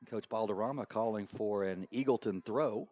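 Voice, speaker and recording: A middle-aged man doing play-by-play commentary for a school soccer match, joking around and bursting into excited high calls. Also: moderate pace. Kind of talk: local sports commentary.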